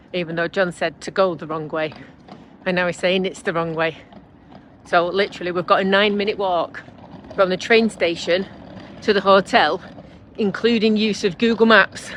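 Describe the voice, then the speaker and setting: A Northern English woman co-hosting a casual travel vlog, chatty and quick to laugh. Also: lowish voice, fairly bright tone, slight background noise. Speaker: vlogger co-host.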